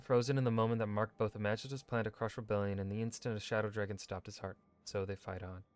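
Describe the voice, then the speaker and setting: A man streaming a video game, reading in-game lore texts aloud in a measured, steady way with brief asides. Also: on the low side, clear, resonant tone. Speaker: gaming streamer.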